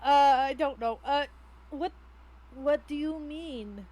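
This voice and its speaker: A woman's voice: sits high, slow pace. Blunt, swearing woman player. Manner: loud, blunt, swears often. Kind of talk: casual, profane banter in a tabletop game.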